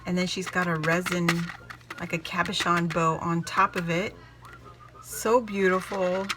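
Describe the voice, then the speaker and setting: A woman chatting to camera as she unboxes a gift, gushing and excitable, often exclaiming in delight. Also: fairly low pitch, a little slow, noisy background. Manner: gushing, excitable, repeats "oh my gosh". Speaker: craft vlogger opening a gift package. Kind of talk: casual unboxing chat to camera.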